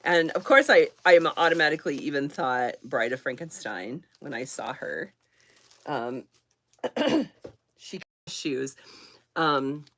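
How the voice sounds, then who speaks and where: A woman in her thirties from Kansas, chatting on a live stream about dolls, rambling, laughing often and close to tears. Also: rumbling low. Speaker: doll collector hosting a live chat. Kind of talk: casual live-stream chat.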